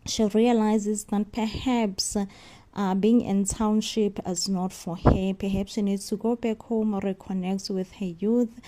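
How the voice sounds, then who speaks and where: Reviewing a soap opera casually, a South African woman speaks emphatically, repeating herself and weaving in Zulu phrases. Her mid-range voice is mellow with fairly even intonation, a little slow, and there's a slight hiss or hum.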